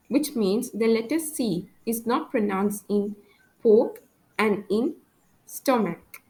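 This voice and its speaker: A woman gives a language lesson at an unhurried pace, her voice at an ordinary middle pitch. She says each example word with care, repeats it, and then explains it plainly. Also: darkish tone, rough recording. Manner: repeats example words carefully, then translates. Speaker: language teacher.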